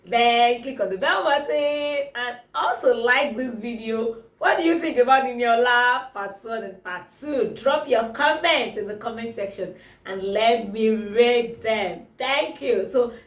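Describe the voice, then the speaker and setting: A woman with a Nigerian accent reviewing a movie in a casual vlog, talking in an exclamatory, animated way. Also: a little high, unhurried. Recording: roomy, distant mic.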